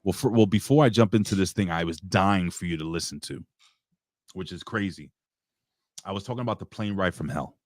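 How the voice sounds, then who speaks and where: Low-voiced, excitable show host. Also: male voice, brisk, dry recording, studio quality. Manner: excitable, profane storytelling with hype announcer intros. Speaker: podcast host. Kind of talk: casual chat.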